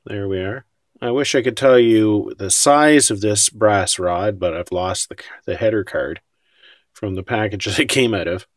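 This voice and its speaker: A man's voice: fairly low pitch, normal speed, dry recording, clean studio sound. A man casually talking through his scale model build, wry and self-deprecating about his mistakes.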